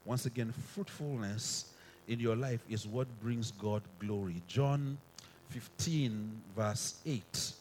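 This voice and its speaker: A man's voice: fairly low pitch, slow, a little mellow, slight background noise. A man preaching a sermon from a stage in a hall, often quizzing the crowd to finish verses and repeating phrases for emphasis.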